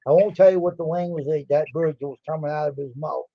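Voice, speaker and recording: A man spinning a rambling, animated anecdote in a casual chat. His voice sits a bit high, and the sound is dry and dull, like a cheap stream mic. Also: fast, no echo. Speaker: livestream host. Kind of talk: casual storytelling.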